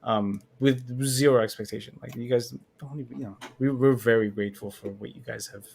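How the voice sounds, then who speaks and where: A man's voice: medium pitch, fairly even intonation, brisk, vocal fry, a little mellow, a little hiss or hum. A man in his thirties hosting a stream, chatting casually in a laid-back, rambling way. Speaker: stream host. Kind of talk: casual chat.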